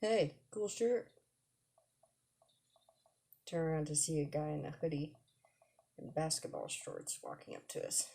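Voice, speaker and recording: A woman's voice: deep voice, huge pitch swings, a little fast, gravelly, mellow, husky. A woman streamer reading a visual novel aloud, laughing in between and adding dry asides. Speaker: gaming streamer.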